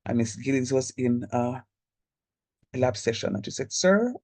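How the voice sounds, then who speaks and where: Jamaican male lecturer on a video call, chatty and direct, mid pitch, dry sound. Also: level tone, normal speed, mellow, dry recording. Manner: direct, chatty, code-switches into local speech. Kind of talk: online math lecture.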